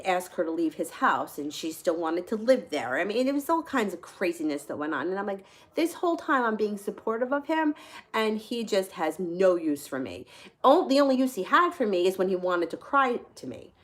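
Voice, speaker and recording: Give me a candid woman host telling her own story, animated and outspoken, with a mid-range voice. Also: medium pitch, moderate pace. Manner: candid and animated, swears freely, laughs often. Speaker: tarot reader and channel host. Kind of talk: casual personal storytelling.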